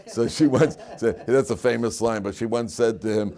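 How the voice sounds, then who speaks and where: A man teaching a Torah class as a rabbi, animated and storytelling, acting out quoted lines with frequent restarts and laughter. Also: medium pitch, moderate pace. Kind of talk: lively Torah lecture.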